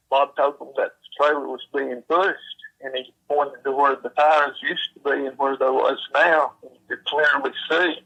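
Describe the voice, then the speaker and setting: A man, slowly retelling a secondhand encounter in plain, folksy speech with frequent fillers. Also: medium pitch, gravelly, fairly bright tone, husky, muffled recording. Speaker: storyteller.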